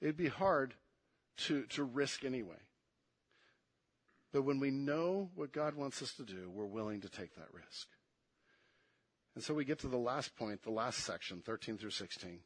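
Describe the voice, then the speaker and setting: A man preaching a sermon, moving between hushed and emphatic delivery and repeating words to press his points. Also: medium pitch, expressive, normal speed, long pauses.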